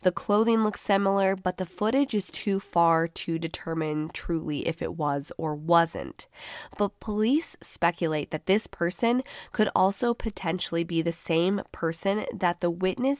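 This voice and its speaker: Woman, true crime podcast host, groggy voice, measured sober narration, lowish pitch, dry close sound. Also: no room sound. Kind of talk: scripted narration.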